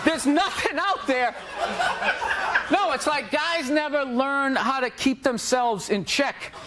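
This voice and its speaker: Man, comedian on a talk show, sarcastic rant, very high voice, loud background hiss. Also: slow pace. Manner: ranting, sarcastic, emphatic. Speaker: comedian guest. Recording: noisy recording with loud hiss.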